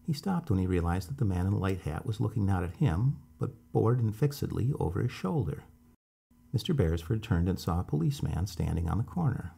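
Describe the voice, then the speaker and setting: A man calmly reading a story aloud as a bedtime storyteller. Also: low-pitched, brisk, gravelly, breathy edge.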